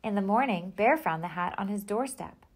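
A woman reading a children's picture book aloud in a gentle storytelling manner. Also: medium pitch, animated, normal speed.

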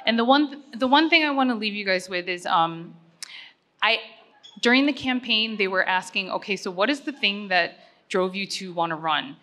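A woman's voice: mid-range voice, expressive, normal speed, pushed and bright. A middle-aged woman giving a personal acceptance speech at a gala, talking earnestly and conversationally with frequent fillers.

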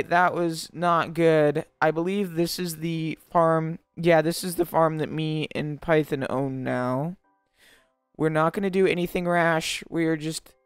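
A young gamer narrating a let's-play at a desk mic in a mid-pitched voice, laughing a lot and playing up every danger for drama. The sound is close and dry with faint game music underneath. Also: clear, resonant tone, dry recording. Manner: jokey and melodramatic, laughs a lot; rises into panicked shrieks when startled. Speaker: Minecraft let's-play host. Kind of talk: gameplay commentary.

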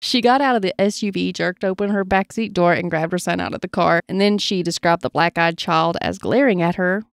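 A woman's voice: lowish voice, fairly quick, dry recording, clean studio sound. A woman podcast co-host reading paranormal stories from her notes in a casual chat, laughing easily and playing along with jokes.

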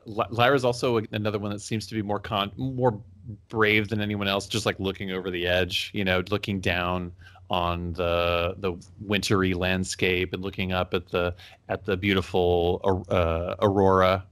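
Low-voiced man rambling on a podcast. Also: level tone, moderate pace, fairly bright tone. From Texas. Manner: rambling, joking asides. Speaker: podcast co-host. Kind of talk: casual podcast chat.

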